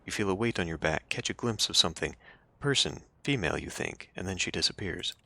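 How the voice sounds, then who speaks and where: Deep-voiced man reading a game aloud. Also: lively intonation, a little fast, vocal fry, sharp tone. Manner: reads narration then breaks off into casual joking asides. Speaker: let's play streamer. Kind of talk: reading a visual novel aloud with asides.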